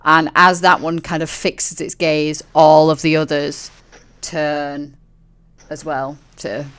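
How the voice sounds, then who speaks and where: A woman's voice: low-pitched, flat delivery, slow, fairly bright tone, clear, resonant tone. A woman narrating as game master of a tabletop game, chatty and playful, with lots of fillers and laughs.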